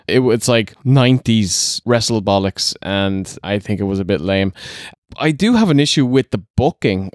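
A man's voice: medium pitch, expressive, normal speed, no echo, studio quality. A young Irish man co-hosting a wrestling podcast, giving firm opinions and laughing easily. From Ireland. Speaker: podcast co-host. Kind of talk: casual wrestling review.

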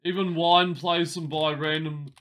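A man's voice: a little high, steady tone, a little slow, background noise. A man casually commenting while he plays a game live, with wry, chatty reactions. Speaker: game streamer.

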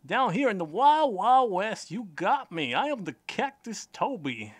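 A man's voice: sits high, sing-song, measured pace, no room sound, pitched above the performer's own voice, full character voice. A man voicing a happy little male cactus toy who talks like a cheery cowboy, in a sing-song, bouncy way.

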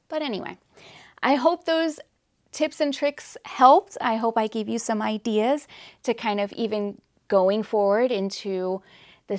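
A woman's voice: mid-range voice, creaky, no echo, studio quality. A woman vlogging to camera in a casual, upbeat and rambling way. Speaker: lifestyle vlogger. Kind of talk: casual chatty vlog to camera.

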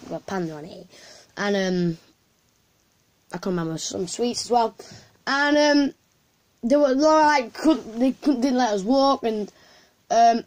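A woman's voice: on the high side, darkish tone. Rambling woman telling a story. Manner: rambling, many fillers and restarts. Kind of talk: casual storytelling to camera.

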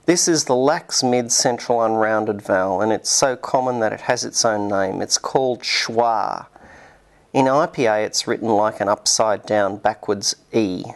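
A man narrating a scripted linguistics lesson in a measured, explanatory way. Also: fairly low pitch. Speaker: linguistics lecturer.

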